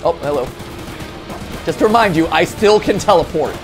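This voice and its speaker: A man hosting a casual let's-play, excitable and joking, shouting at the game as he plays. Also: on the high side, unhurried. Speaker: host. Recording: game music behind.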